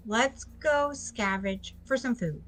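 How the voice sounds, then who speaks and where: Woman at the game table; high, bright, friendly, quick. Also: soft background music, low-quality recording. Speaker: player. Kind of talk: casual tabletop play.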